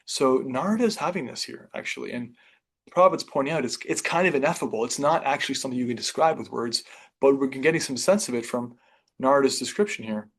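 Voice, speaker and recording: A man's voice: mid-range voice, quick pace, husky. Male class teacher, reads scripture and talks it through informally, reflective, with restarts. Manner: conversational, reflective, with restarts and softer asides. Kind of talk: reading and explaining scripture to a class.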